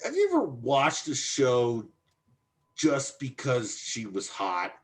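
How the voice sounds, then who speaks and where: A man's voice: medium pitch, huge pitch swings, slow. A man hosting a podcast in casual chat, talking in a brash, crude and provocative way. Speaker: podcast host.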